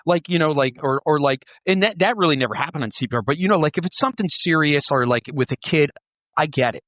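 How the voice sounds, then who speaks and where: A man's voice: on the high side, animated, fast, a bit bright. A man tells his old police stories in a loose, rambling way, swearing freely and filling his sentences with "like" and "dude." The sound is dull and muffled, and the room is dry, with no echo. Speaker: former police officer. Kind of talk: casual storytelling chat.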